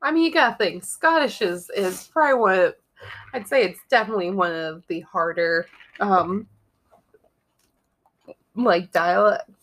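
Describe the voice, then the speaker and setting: A woman's voice: mid-range voice, fairly bright tone. An American woman co-hosting a podcast, chatting casually with lots of fillers and frequent laughter. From United States. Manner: unhurried, full of fillers, laughs a lot. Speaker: podcast co-host. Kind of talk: casual chat.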